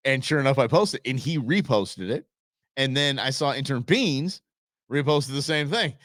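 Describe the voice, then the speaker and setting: A man's voice: medium pitch, sing-song, normal speed, a bit bright, no room sound, studio quality. A middle-aged man hosting a show, telling stories in a rambling, casual way with many restarts. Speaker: show host. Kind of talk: casual podcast monologue.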